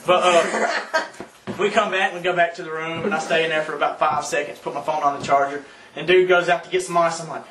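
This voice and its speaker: Young Southern guy, high and bright, cussing and laughing through a story, far mic in echoey room. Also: quick pace. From South Carolina, US. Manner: animated, profane, laughs often, yelps in quoted outbursts. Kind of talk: casual anecdote among friends.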